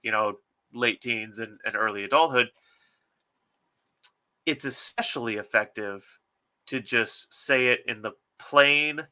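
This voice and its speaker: A man's voice: mid-range voice, slow, pauses often, bright, forceful tone. A man co-hosting a casual podcast, talking bluntly and emphatically and swearing freely. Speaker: author and podcast co-host.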